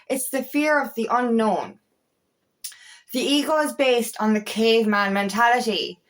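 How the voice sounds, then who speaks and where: A woman's voice: a little high, fairly bright tone. A woman coaching, talking straight to camera in an emphatic, rambling way and swearing a lot. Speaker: feminine empowerment coach. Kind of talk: casual vlog monologue.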